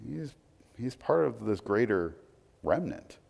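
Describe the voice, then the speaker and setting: A man preaching a sermon in a casual, conversational way, often checking in with listeners with quick asides. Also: mid-range voice, very animated, creaky, breathy edge, highs cut off. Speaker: pastor. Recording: long hall reverb.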